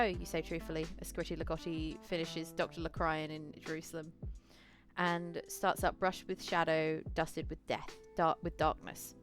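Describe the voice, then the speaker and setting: A woman with a fairly low voice narrates a tabletop role-playing session in the second person. She keeps a casual, easy tone and corrects her own slips along the way. Quiet music plays faintly behind her. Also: flat delivery, moderate pace. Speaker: game master and narrator. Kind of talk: solo tabletop game narration.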